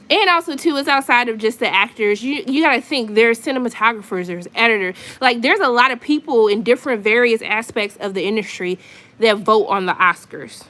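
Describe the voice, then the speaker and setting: Woman, higher pitch, casual live-stream vlogger at home, exasperated venting. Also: a little fast, sharp tone. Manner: venting, exasperated, chatty with asides. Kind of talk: casual chat to viewers. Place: her apartment at home.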